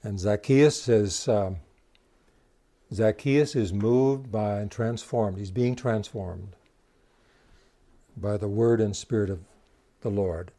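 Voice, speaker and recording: A man preaches a sermon in a mellow, warm voice. He retells the scripture story with quoted dialogue. He keeps putting rhetorical questions to the congregation. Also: lowish voice, slow pace, pauses often.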